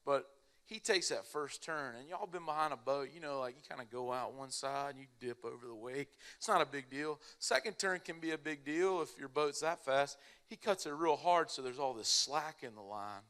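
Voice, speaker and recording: A man's voice: a little high, normal speed, smooth. A young man, telling a humorous story to a live church audience and laughing along as he goes. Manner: animated, laughs through his own story. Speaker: speaker at a church family event.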